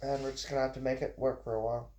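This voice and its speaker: Male reader as a warm, gently teasing mother; storybook reading, near his natural voice. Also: mid-range voice, level tone, rapid-fire, reverberant, slight background noise, lightly acted.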